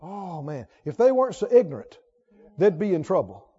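A man preaching a sermon in a church, fervent and emphatic, swinging from loud to hushed. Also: high-pitched, sing-song, moderate pace, breathy edge. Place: church sanctuary. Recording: lo-fi recording with long hall reverb.

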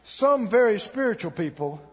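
A man's voice: sits high, big pitch swings, moderate pace, in a large hall, highs cut off. A male pastor preaching a sermon in a church, emphatic and urging the congregation to repeat his words aloud. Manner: emphatic, calls the congregation to repeat after him. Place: church sanctuary.

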